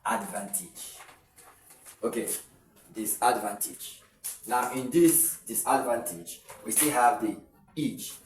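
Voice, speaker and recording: A man with a Nigerian English accent teaching pronunciation in an online lesson. He explains slowly and repeats words, drawing them out. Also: mid-range voice, a little hiss or hum. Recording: echoey room, voice a bit far from the mic.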